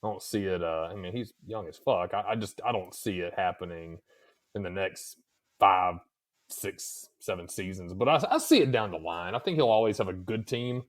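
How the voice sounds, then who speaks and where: A man's voice: deep voice, moderate pace. A man co-hosting a podcast, telling stories in crude casual chat and swearing a lot. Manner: profane storytelling, swears constantly. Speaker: podcast co-host.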